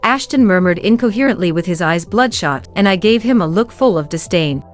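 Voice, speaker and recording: A woman's voice: lowish voice, expressive, a little fast, few pauses, faint music behind. Young woman narrating her story coldly. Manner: cold, cutting. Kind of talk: first-person story narration.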